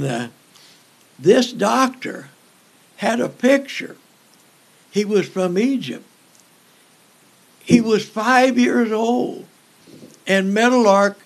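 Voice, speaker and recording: An older man, an evangelist, telling folksy stories in an interview, joking and pausing often with fillers. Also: sits high, vocal fry. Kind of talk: storytelling in an interview.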